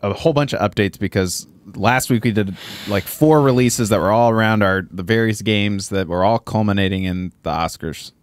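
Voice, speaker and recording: A man's voice: lowish voice, moderate pace, hardly any pauses. A man hosting a podcast with friends, talking casually, rambling and laughing often as he explains things. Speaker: podcast host.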